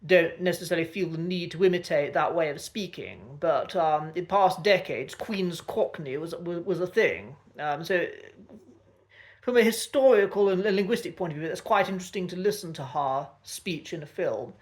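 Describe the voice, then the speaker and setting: A man from Britain with a posh English accent, giving a relaxed spoken lesson and talking thoughtfully, with frequent ums and restarts. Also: fairly high pitch, normal speed. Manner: thoughtful, many fillers and restarts. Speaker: accent coach.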